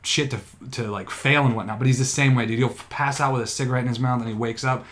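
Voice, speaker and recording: A man in a loose podcast conversation, spinning a long, profane story with plenty of hedges and restarts. His voice sits at an ordinary middle pitch, neither deep nor high. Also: fairly even intonation, fast talker, fairly bright tone. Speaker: podcast co-host or guest. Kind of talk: casual podcast chat.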